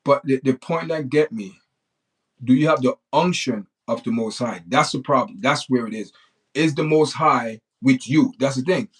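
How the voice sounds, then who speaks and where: A man hosting his own livestream, talking off the cuff with no script. His voice sits at an ordinary, middle pitch. He rants bluntly and keeps repeating the same phrases as he circles back to his point. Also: normal speed, breathy edge. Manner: blunt, repetitive ranting. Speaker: livestream host. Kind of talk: unscripted livestream monologue.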